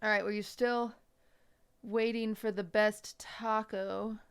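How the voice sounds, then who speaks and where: A woman's voice: mid-range voice, little pitch movement, takes it slowly, clean tone. A woman hosting a casual livestream, chatting with her viewers and thinking aloud as she clicks through an app lesson, on a desk microphone. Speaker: livestream host.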